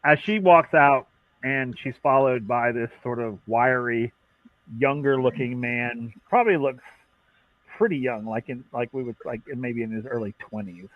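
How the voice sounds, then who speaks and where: A man's voice: medium pitch, normal speed, no echo. A man running a tabletop game as game master, narrating casually with lots of fillers. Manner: relaxed, with many fillers and laughs. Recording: dull dry lo-fi mic.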